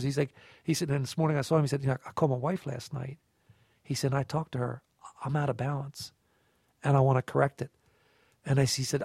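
Pria bersuara serak yang bercerita dengan hidup. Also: male voice, a little high, vocal fry, husky, dry recording, studio quality. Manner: animated storyteller, acts out dialogue. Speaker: co-host of a scripture reflection show. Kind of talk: conversational faith reflection.

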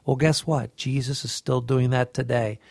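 Gravelly middle-aged man, earnest. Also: medium pitch, steady tone, normal speed, darkish tone, no room sound, clean studio sound. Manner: earnest and heartfelt, with frequent restarts. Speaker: co-host of a faith reflection show. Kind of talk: devotional reflection.

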